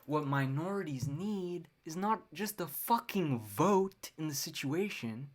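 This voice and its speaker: Her low-sitting voice is animated but a little slow as this young adult woman runs her own podcast solo. She talks casually, ranting with plenty of profanity and wry laughter.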